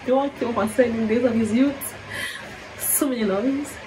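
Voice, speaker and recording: A woman earnestly reacting to a worship song on her vlog, growing fervent and then quiet and reflective. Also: on the high side, normal speed, background noise. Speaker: music reaction vlogger. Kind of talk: emotional worship music reaction.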